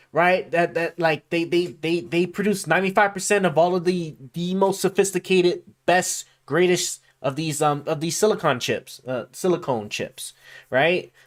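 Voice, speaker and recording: A man streaming casually, rambling and stammering with many fillers as he reads and thinks aloud, dropping quieter while he reads and perking up again. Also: fairly high pitch. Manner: drifts quieter when reading to himself, then perks up.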